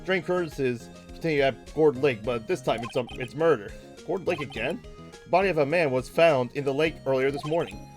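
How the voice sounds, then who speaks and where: A man voicing a male TV news anchor, reading in a lower, quieter newsreader cadence. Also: brisk, faint music behind, lightly acted. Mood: grave.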